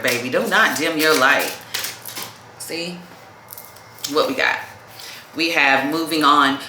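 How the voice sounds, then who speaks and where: A woman's voice: deep voice, background noise. A woman giving a casual tarot reading to camera. She is chatty, calls the viewer "baby" and says "like" a lot. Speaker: tarot reader. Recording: echoey room.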